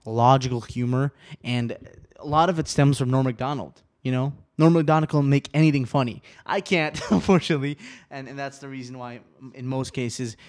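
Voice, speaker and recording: A man hosting his podcast alone in a small home studio, talking casually and rambling, cursing often, swinging between subdued and excited. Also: medium pitch. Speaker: podcast host. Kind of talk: casual solo podcast chat.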